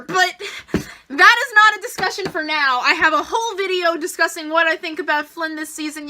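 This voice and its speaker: Woman fan vlogger, very high and piercingly bright voice, gushing, excitable. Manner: gushing and emotional; excitable, rambling. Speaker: TV episode reviewer. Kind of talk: casual fan review vlog.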